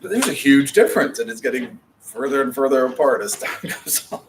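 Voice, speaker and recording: A man with a medium-pitched, expressive voice teaches an adult Hebrew class at a brisk pace, explaining patiently and adding chatty asides. The lecture is picked up by a distant mic with faint background noise.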